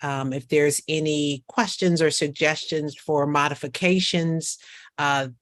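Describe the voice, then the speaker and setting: Slow, measured official at a board meeting. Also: medium pitch, fairly even intonation, fairly bright tone, no room sound. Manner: measured, careful phrasing with uhs. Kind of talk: formal request at a public meeting.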